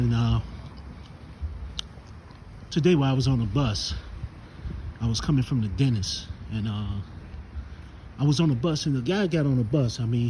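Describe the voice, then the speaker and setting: A man's voice: mid-range voice, darkish tone, a little hiss or hum, low-quality recording. A man from Chicago preaching a casual walk-and-talk sermon outdoors, recording himself on a phone as he walks to the store. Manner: preachy, recounts and warns with scripture. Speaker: street preacher.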